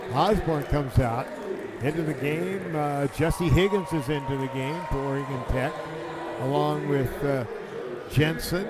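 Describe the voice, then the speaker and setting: A man calling a basketball game play by play, excitable and quick in bursts. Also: on the high side, heavy background noise. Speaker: play-by-play announcer. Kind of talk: live basketball commentary.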